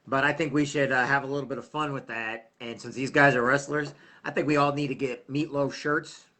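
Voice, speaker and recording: A man's voice: medium pitch, steady tone, a little fast, sharp tone. A middle-aged man hosting a casual livestream, rambling and chatty, often losing his train of thought. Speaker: livestream host.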